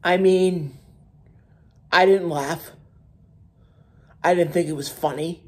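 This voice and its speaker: A man hosting his own wrestling commentary channel, talking alone in a heated, emphatic way, repeating his points and restarting words. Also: fairly high pitch. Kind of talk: solo wrestling opinion rant.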